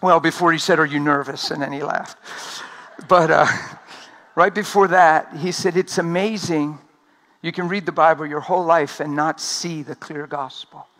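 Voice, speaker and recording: A man preaching an energetic sermon at a conference, talking fast and laughing along the way. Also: on the high side.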